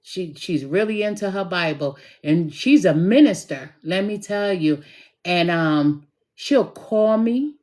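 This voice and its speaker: This middle-aged woman, a tarot reader, has a lowish and slightly mellow voice. She chats her way through casual stories, leaning on fillers and retelling what people said.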